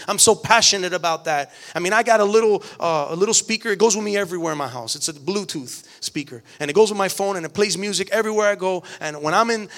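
A middle-aged pastor with a notably high voice delivers a sermon. He speaks earnestly, repeating words as he builds toward emphatic points. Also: fairly bright tone. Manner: earnest, repetitive restarts, rising emphatic preaching.

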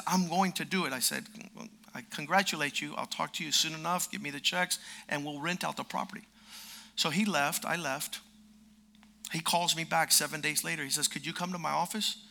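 Gravelly, bright-voiced male preacher. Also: on the high side. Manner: storytelling, acts out quoted dialogue, rises to emphatic peaks. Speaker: preacher and lawyer. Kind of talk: sermon with personal story.

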